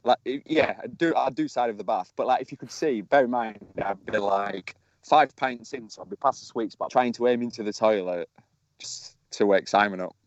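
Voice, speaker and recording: Co-host, rambling cheeky anecdotes, dull lo-fi phone sound, dry close audio. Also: male voice, medium pitch, normal speed, no echo. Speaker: podcast co-host. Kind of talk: casual chat. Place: outdoors in a field, sitting on a tree stump. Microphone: mobile phone.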